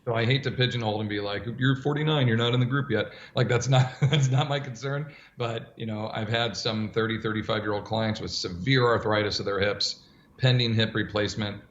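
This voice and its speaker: A man's voice: on the low side, fairly quick, roomy sound, dull audio, a little hiss or hum. A man who coaches strength training for older adults, answering interview questions and acting out dialogue as he tells stories. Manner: animated storyteller, acts out dialogue.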